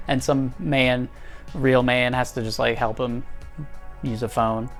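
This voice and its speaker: Woman host, low voice, sarcastic and foul-mouthed, breaks into goofy voices to mock the characters. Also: normal speed, soft background music. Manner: sarcastic, profane, mocks characters in silly quoted voices. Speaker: video essay host. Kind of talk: comedic movie review.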